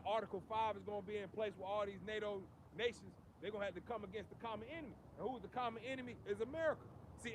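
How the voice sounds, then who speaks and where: High-voiced man street preaching. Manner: emphatic, preachy, peppers lines with "man" and "you see". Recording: outdoor street noise behind.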